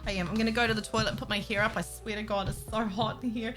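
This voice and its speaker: A young woman streaming a building game, chatting casually with viewers, giggly and excitable and reacting loudly to surprises. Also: mid-range voice, rapid-fire. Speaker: Minecraft streamer. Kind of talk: casual live-stream chat. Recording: faint music under the voice.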